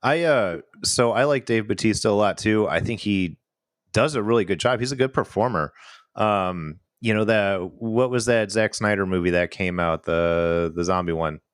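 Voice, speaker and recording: A man with a Chicago accent talks in a dry, close way, his voice sitting low. He rambles, stalls on words, and laughs easily as he co-hosts a casual podcast chat. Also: moderate pace, smooth, no echo. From Illinois–Wisconsin border, US. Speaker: podcast co-host.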